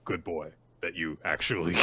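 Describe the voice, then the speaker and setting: A man's voice: sits low, pushed and bright. A man co-hosting a casual manga recap podcast, retelling scenes and acting out the characters' lines. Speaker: podcast co-host.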